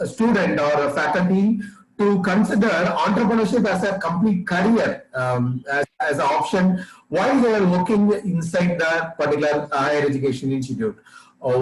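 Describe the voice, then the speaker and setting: A man with an Indian English accent giving a webinar presentation as faculty coordinator, halting and full of filler sounds. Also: sits high, roomy sound, rough recording.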